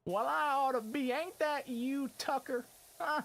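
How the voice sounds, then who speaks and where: A man putting on a loud drawling Texan cowboy. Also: very high voice, measured pace, gravelly, voice pushed up, heavily acted. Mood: boisterous. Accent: Texas.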